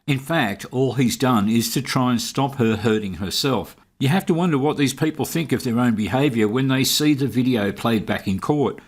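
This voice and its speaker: Man, sarcastic commentary, mocking tone, mid pitch. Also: normal speed, hardly any pauses, slightly rough. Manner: sardonic, mocking. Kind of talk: sarcastic commentary over police footage.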